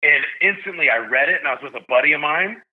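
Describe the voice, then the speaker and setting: A fairly high-voiced man in his forties from Tennessee tells a story casually, slangy and animated, acting out each voice he quotes. The sound is thin and tinny, like a phone line. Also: quick pace. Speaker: podcast guest.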